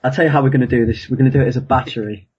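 Very raspy man chatting about films. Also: mid-range voice, racing, a little mellow, lo-fi sound. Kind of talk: casual chat.

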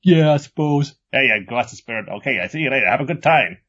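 A man doing a pushy, gruff mask seller. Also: mid-range voice, expressive, fast, fairly bright tone, muffled recording. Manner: brash, wheedling street patter.

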